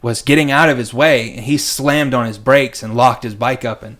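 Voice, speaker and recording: A man's voice: mid-range voice, fairly even intonation, normal speed, a bit bright. A young adult man co-hosting a podcast, telling rambling stories in casual chat and acting out the people in them. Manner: rambling anecdotes, acts out quoted people. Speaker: podcast co-host.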